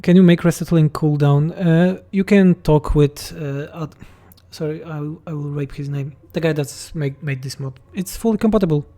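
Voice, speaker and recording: A man's voice: fairly high pitch, moderate pace, hardly any pauses, mellow. A man from Poland with a Polish accent, a game mod developer reading chat questions aloud and answering them bluntly and jokingly on a livestream.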